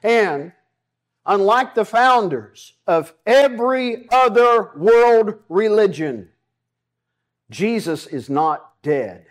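A man's voice: sits high, expressive, takes it slowly. A man with a Southern US accent preaching a sermon as pastor, folksy and emphatic, with self-deprecating asides.

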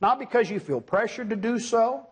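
A middle-aged male preacher delivering a sermon with a high, husky voice. He is emphatic and keeps throwing questions at the congregation, then answers them himself. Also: animated, moderate pace.

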